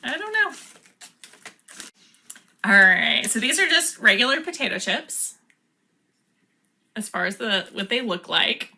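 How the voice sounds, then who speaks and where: A woman's voice: medium pitch, expressive, measured pace, gravelly, pauses often, bright, forceful tone. A woman chatting casually as she unboxes and taste-tests snacks, laughing often. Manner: chatty, laughs often, reads product cards aloud. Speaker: vlogger.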